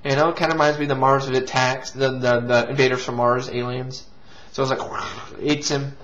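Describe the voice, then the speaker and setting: A man's voice: mid-range voice, little pitch movement, moderate pace, fairly bright tone, a little hiss or hum. A man hosting a casual movie review, rambling with restarts and casual swearing. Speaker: movie reviewer and show host. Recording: lo-fi, dull sound.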